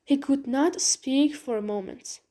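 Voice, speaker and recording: A woman reading a storybook aloud in a slow, clear narration. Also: high voice, dark tone.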